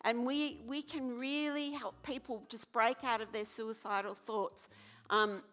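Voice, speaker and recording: High-pitched lady, bright voice, tells a funny frank story. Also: level tone, measured pace. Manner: frank, comic, acts out quoted voices loudly. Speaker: speaker sharing lived experience. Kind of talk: animated storytelling.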